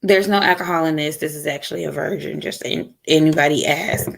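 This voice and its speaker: A woman's voice: low voice, a little fast, gravelly, breathy edge. Weary woman venting on a livestream. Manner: frustrated, weary, rambling. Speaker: livestream host. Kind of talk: casual livestream chat.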